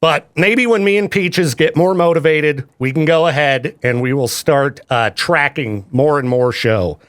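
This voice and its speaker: A man's voice: a little high, fairly bright tone. A man hosting a radio show, chatting casually and jokingly in a studio with a microphone. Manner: jokey, chatty, quick laughs. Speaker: radio DJ host.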